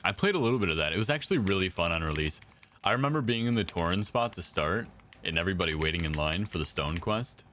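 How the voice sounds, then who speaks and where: Chill deep-voiced young dude streaming, talks slangy to chat, keyboard clicks and faint hiss behind. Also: male voice, expressive, fast talker, a bit bright. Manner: laid-back, slangy, chatting to viewers while playing. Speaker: game streamer. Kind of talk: casual live-stream chat.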